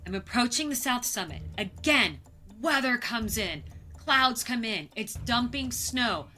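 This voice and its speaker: Brief: American woman explorer, middle-aged, bright and a bit high voice, lively storyteller. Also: unhurried, soft background music. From United States. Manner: vivid, acts out quoted moments. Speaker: guest, polar explorer. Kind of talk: storytelling interview.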